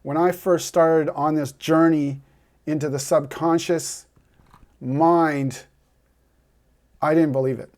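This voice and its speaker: A man's voice: fairly high pitch, steady tone, slow pace, long pauses, darkish tone. A man speaking straight to the viewer as a heartbreak coach, earnest and persuasive, giving a motivational talk. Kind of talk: direct-to-camera motivational talk.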